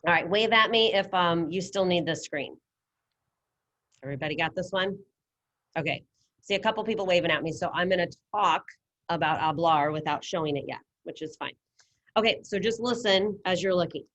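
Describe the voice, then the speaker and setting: Woman teacher, slightly low voice, patient and encouraging, online class over computer mic. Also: fairly quick, a bit bright. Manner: patient, encouraging, explains step by step. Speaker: Spanish teacher. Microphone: computer mic on video call.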